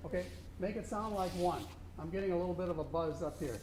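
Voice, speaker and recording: A man's voice: high-pitched, fast talker, a little mellow. A man working as a contest judge, coaching a student band and singing rhythms aloud to show them. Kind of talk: instructional clinic to a student band. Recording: echoey room with faint noise.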